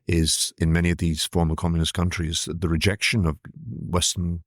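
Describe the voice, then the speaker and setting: Older male journalist guest, very low voice, dry close sound, reflective storyteller. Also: flat delivery, normal speed, no room sound. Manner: thoughtful, vivid recollection with hesitant restarts.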